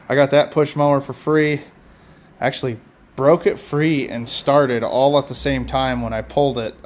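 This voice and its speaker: A man from Michigan giving a casual walkthrough of his lawn service equipment, talking haltingly with many fillers and self-corrections. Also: medium pitch.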